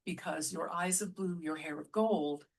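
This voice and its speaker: In a relaxed vlog lesson on writing lyrics, a woman who runs a musical theatre company speaks in a low-pitched voice with vocal fry. She frequently begins phrases again and patiently works through sample lines slowly, sounding them out.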